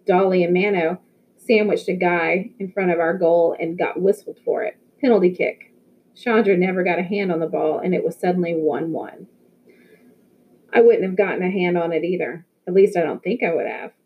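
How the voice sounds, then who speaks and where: A woman reads a novel aloud in first person at a middle pitch, telling the story in a lively way. The sound is dull and lo-fi. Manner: lively storytelling, occasional restarts. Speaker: audiobook reader.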